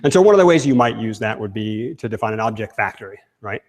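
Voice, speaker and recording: A man's voice: lowish voice, lively intonation, fast talker. A man giving a live technical talk, speaking casually and asking the audience questions. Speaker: conference speaker. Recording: long hall reverb.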